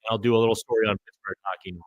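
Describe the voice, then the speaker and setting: A man's voice: fairly low pitch, little pitch movement, racing, no echo, dull audio. Chatty male hockey host, dry sound. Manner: conversational, thinking out loud, stumbles on names. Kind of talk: live chat reading viewer comments.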